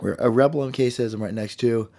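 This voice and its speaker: A man's voice: mid-range voice, quick pace, warm tone. A man hosting a casual live stream, chatting, explaining his instruments and reading out viewer comments. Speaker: host.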